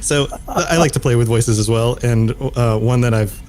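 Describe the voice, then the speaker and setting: A man hosting a podcast interview, chatty and quick to laugh. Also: medium pitch, a little mellow. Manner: laughs easily, chatty and friendly. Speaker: podcast host. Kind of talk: casual interview chat. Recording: faint background noise.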